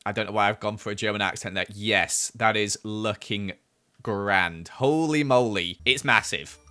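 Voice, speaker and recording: A young man giving casual, excitable commentary over his gameplay in a voice-over. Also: lowish voice, moderate pace. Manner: chatty and excitable, exclaims a lot. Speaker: gaming YouTuber.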